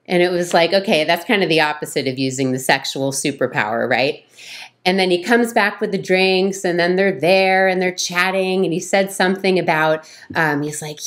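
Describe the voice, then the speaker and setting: A middle-aged woman with a fairly low speaking voice talks casually as a relationship coach. She tells her story in an animated way. When she quotes people, her voice leaps up high and gets louder. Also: moderate pace. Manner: animated, acts out quoted lines in a higher voice.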